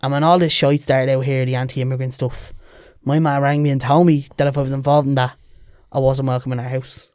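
A man's voice: mid-range voice, brisk, no echo, clean studio sound. A young man with a Dublin accent, a podcast guest telling stories in casual chat and putting on voices for the people in them. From Ireland. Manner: lively, animated, puts on voices in anecdotes.

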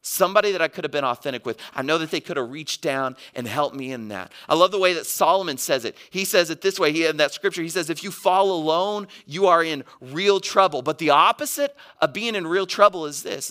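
An earnest man preaching a sermon, his voice sitting a little high and sounding bright and forceful. He presses hard on some phrases and drops to a soft, hushed plea on others. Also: expressive, fairly quick. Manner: earnest, swings between loud urging and soft quiet pleading. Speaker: pastor.

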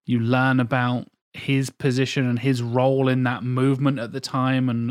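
A man's voice: medium pitch, no echo. Sweary, enthusiastic man, dry close sound. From England. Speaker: podcast host. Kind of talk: casual film chat.

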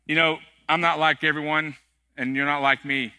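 A man's voice: fairly high pitch, level tone, normal speed, pushed and bright, clean tone. A middle-aged man, an executive pastor, preaching a sermon in a church in a conversational, joking and emphatic way. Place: church sanctuary.

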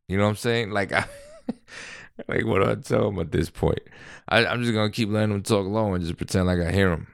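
A man in his thirties with a deep voice, talking in a casual, rambling monologue full of fillers and restarts. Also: fast, vocal fry, clean tone, dry recording, studio quality. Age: 30s. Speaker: vlogger.

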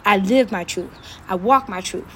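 A woman vlogger delivering an angry, profane rant to camera, repeating phrases and swinging between loud outbursts and quieter asides. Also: mid-range voice, normal speed, slight background noise.

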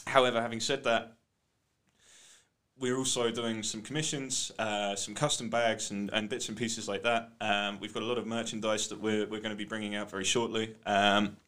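British guy in a studio interview, kinda low voice, lots of ums and you knows. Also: flat delivery, moderate pace, a bit bright. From Britain. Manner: hesitant, many "um"s and "you know"s. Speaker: guest, art company co-founder.

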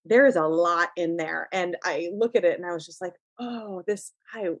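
A woman's voice: lowish voice, a little fast, dry recording, lo-fi sound. A woman hosts a casual interview and asks her questions with chatty enthusiasm. Her voice is recorded close and dry, with no room sound. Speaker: podcast host.

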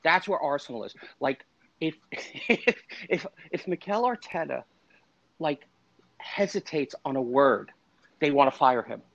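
A man's voice: fairly high pitch, lively intonation, measured pace, vocal fry, fairly bright tone, no room sound, lo-fi sound. A man co-hosting a casual podcast, rambling and self-deprecating, often breaking into laughter. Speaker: podcast co-host.

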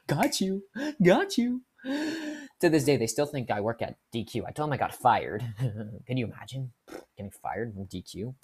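A woman's voice: a bass voice, a little mellow. A young woman telling work stories in a casual storytime style, swearing freely and laughing often.

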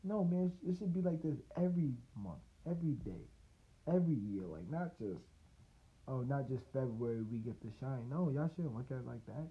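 A man's voice: mid-range voice, expressive, moderate pace. A man hosting a casual solo podcast, talking loosely and profanely, rambling with laughs and restarts. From United States. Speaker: podcast host. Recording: tinny phone-like line.

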